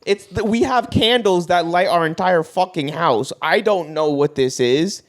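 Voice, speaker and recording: A young man co-hosting a podcast in casual chat, animated and profane, acting out bits of quoted voices. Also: high voice, a little slow. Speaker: podcast co-host.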